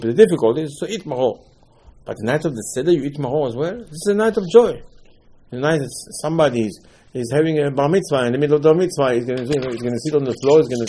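Leading a class about the Passover Seder, a rabbi brings his stories to life, performing dialogue and going back over his points. His mid-range voice has a breathy edge, and the recording is rough.

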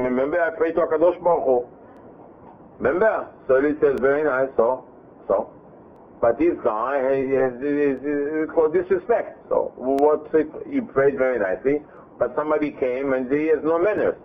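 A man teaching a Bible class, reading verses and translating them, retelling the story in a lively way with frequent self-repeats and restarts. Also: medium pitch, normal speed. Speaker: Torah teacher. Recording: tinny phone-like line with faint hiss.

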